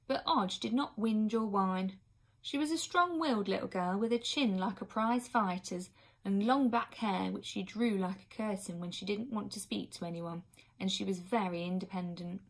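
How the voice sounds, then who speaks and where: A woman reading a children's book aloud expressively, now and then pausing for an aside to her listeners. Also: mid-range voice. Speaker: reader.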